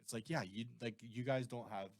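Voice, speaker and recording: A Canadian man co-hosts a podcast, chatting casually in a rambling, animated way that keeps drifting into tangents. His mid-range voice moves a little fast, recorded at studio quality with no room sound.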